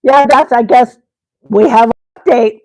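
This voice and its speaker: A woman with a high, lilting voice hosts a casual live stream at a slow, meandering pace. She giggles often and talks straight to her viewers by name, and the sound is dry and close. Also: dry recording, poor audio. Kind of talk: rambling comedic live chat.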